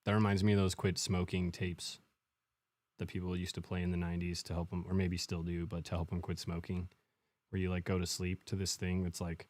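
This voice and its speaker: A laid-back man co-hosts a casual podcast, joking around and talking in slang. His voice sits very low, and the recording is dry and close. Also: level tone, fairly quick, darkish tone, no echo. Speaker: podcast co-host. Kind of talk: casual chat.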